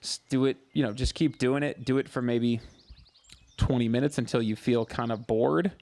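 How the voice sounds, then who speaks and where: A man hosting a live mental health Q&A as a therapist, answering viewers in a warm, coaching way and repeating phrases for emphasis. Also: mid-range voice, fairly even intonation, normal speed. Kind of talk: live-stream advice answering viewer questions.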